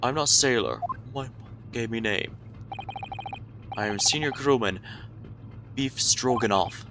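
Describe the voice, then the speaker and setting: A man's voice: medium pitch, a little slow, natural voice. A man voicing a stern, suspicious male sailor guard who speaks in broken, clipped English with a mock Russian accent, over a noisy background hiss. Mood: gruff.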